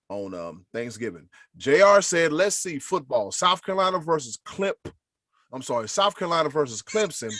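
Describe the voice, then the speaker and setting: A man's voice: mid-range voice, no room sound. A man hosting a casual sports podcast, playfully reading listener answers aloud with emphasis.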